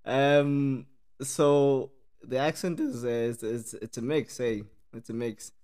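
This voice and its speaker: A man's voice: medium pitch, steady tone, slow pace, darkish tone, smooth. A young man with a mixed Irish and South African accent, chatting casually on a podcast and laughing often. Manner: laid-back, laughs often, says "eh?". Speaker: podcast co-host.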